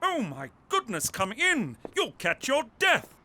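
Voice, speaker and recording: Prim, pompous cartoon host, sharp and high. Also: male voice, huge pitch swings, takes it slowly, exaggerated voice. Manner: prissy, precise, pompous. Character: fussy, prim male host with strict rules.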